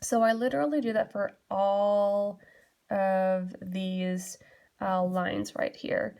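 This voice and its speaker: A woman's voice: mid-range voice, takes it slowly, creaky. Patient woman teacher explaining step by step. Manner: patient, steady explaining with frequent "um" and "so". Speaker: English teacher. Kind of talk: classroom lesson explaining poetry.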